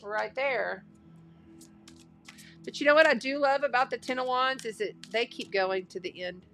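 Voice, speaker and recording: Excitable lady chatting through a tarot reading, kinda high voice, a little music way back. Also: moderate pace. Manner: chatty, excitable, thinking out loud. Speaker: astrology and tarot reader. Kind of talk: casual tarot reading chat.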